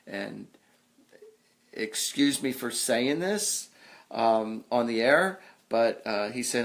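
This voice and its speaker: A man hosting a live psychic reading, talking in a halting, reassuring way with lots of ums and uhs. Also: mid-range voice, gravelly. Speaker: psychic medium host. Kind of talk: live online reading session.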